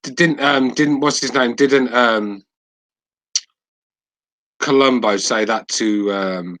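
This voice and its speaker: A man hosting a podcast, telling stories in a halting way with many restarts. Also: medium pitch, a bit bright, low-quality recording. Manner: halting, full of fillers and restarts. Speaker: podcast host. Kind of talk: casual chat, storytelling.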